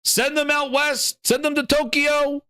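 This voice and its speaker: A man's voice: extremely high pitch, unhurried, no echo, studio quality. A man hosting a gaming podcast, ranting sarcastically and swearing freely in casual commentary. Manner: profane, sarcastic, animated. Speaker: podcast host.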